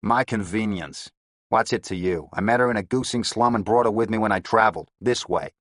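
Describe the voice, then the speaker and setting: A man's voice: lowish voice, a little fast, no room sound, studio quality, close to an everyday voice. A man voicing a surly, bullying gangster boss who snarls his curt, contemptuous lines. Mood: snarling.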